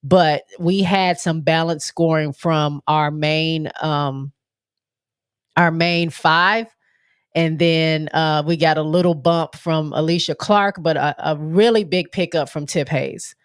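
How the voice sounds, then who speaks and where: A woman's voice: deep voice, steady tone, takes it slowly, smooth, no echo, clean studio sound. A woman hosting a casual live-stream sports talk show, sounding stuffy and nasal from allergies, rambling with many fillers and restarts. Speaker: show host.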